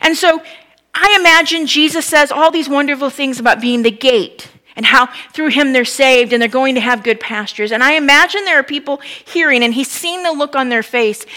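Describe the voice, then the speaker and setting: Lady pastor giving a sermon, chatty, bright clear voice, acts out the quotes. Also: sits high, normal speed. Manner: conversational, acts out quoted voices, asks the listeners questions.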